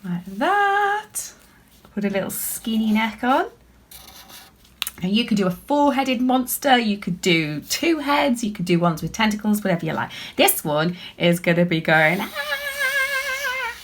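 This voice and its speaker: A woman, an author and illustrator, chatting warmly and encouragingly to children as she draws along with them. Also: medium pitch, animated, normal speed. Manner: chatty and encouraging, talking while drawing. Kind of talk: draw-along lesson for children.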